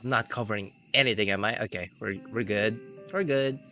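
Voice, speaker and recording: A man's voice: on the low side, fairly quick, pushed and bright. A man streaming a game, chatting playfully and rambling in a self-mocking way. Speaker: VTuber streamer. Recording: game music playing behind.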